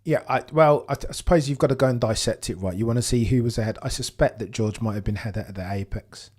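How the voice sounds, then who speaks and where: A young man hosting a live race watchalong, commentating casually and reacting with excitement. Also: medium pitch, fast. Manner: excitable, exclaims and gasps at on-track action.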